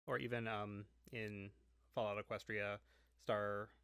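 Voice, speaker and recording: A man co-hosting a casual book club podcast, talking in a halting way with restarts and wry asides. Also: on the low side, little pitch movement, fairly bright tone, clean tone, dry recording. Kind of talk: casual chat.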